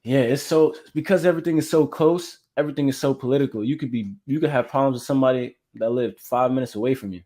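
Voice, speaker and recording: A man from Florida, a music artist interviewed as a guest, telling his own story in a reflective, measured and candid way. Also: medium pitch, dark tone.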